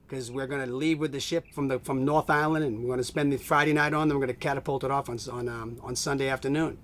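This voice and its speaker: A middle-aged man casually telling a long story, animated, acting out what others said and laughing often, recorded on a home video camera. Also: medium pitch. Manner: animated, acts out quoted voices, laughs often. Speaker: family friend telling stories.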